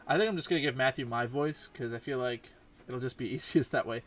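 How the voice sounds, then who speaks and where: A man's voice: mid-range voice, quick pace, fairly bright tone, far from the mic, soft background music. A man giving rambling, exasperated commentary while playing a game. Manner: rambling, exasperated, self-deprecating. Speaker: let's play host. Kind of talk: casual gameplay commentary.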